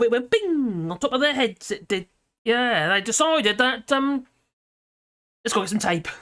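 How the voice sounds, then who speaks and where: A woman's voice: a little high, a bit bright. Chatty middle-aged British woman livestreaming. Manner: chatty, rambling, laughs often, reads viewer comments aloud. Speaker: livestream host. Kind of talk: casual political livestream chat. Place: home room with dogs.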